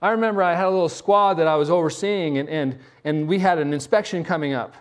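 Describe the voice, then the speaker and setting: A middle-aged man, a pastor, preaching a sermon in an animated storytelling way, often restarting and repeating words. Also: fairly high pitch, fast talker.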